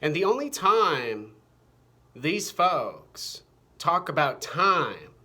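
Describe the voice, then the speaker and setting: On the camera mic, a man vlogs a rambling, profane, agitated monologue, going over the same phrases repeatedly. His pitch is on the high side and very animated, his pace very slow, and his tone sharp.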